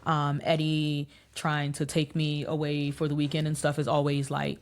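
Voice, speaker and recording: A woman in her thirties, a podcast guest telling family stories in a casual, animated way and laughing often. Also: low-pitched, normal speed. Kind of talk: casual interview chat.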